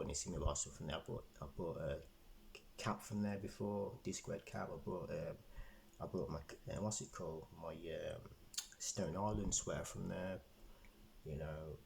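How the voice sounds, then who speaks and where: A man's voice: low voice, normal speed, vocal fry, mellow, slight background noise, low-quality recording. A man telling a rambling storytime vlog, repeating himself with lots of fillers. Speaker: vlogger.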